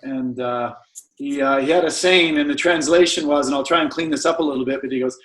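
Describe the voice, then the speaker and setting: A man's voice: mid-range voice, a little fast, a bit bright. An older man from Canada, a guest on an interview show, who laughs easily and tells anecdotes. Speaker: guest, chiropractor. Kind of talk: casual interview chat. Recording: roomy echo.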